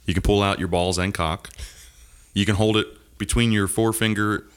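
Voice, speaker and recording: A podcast co-host with a fairly low, clear and resonant voice trades casual banter, rattling off crude stories quickly and cracking himself up. His intonation stays fairly even throughout.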